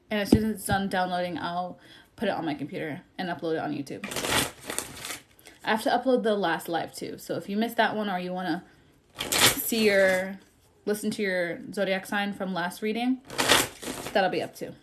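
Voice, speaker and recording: A woman's voice: medium pitch, fairly even intonation, moderate pace, very noisy. A young woman giving a casual tarot reading on a livestream, blunt and chatty, apologizing for the bad news she delivers. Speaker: tarot reader.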